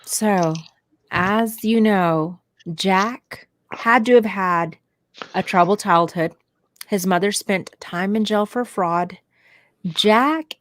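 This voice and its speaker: A woman with a Southern US accent hosting a podcast, telling a story in a chatty, joking way. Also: fairly low pitch. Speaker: podcast host. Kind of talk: casual chat.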